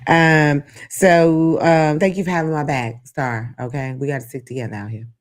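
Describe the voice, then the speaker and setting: Host, woman, low voice, blunt and playful. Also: normal speed. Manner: frank, sassy, animated, laughs at own jokes. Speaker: talk show host. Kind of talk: live call-in show monologue.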